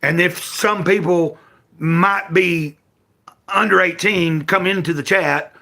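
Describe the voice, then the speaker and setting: Streaming from home, an older Tennessean with a Southern drawl rambles folksily to his viewers, often correcting himself. He speaks slowly with fairly even intonation, in a high-sitting, gravelly voice that sounds pushed and bright.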